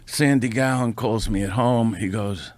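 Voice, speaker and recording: A man's voice: on the low side, a little slow, dry recording. Brash profane man telling a showbiz story. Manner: profane, animated, building to punchlines. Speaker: podcast guest, stand-up comedian. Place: podcast studio.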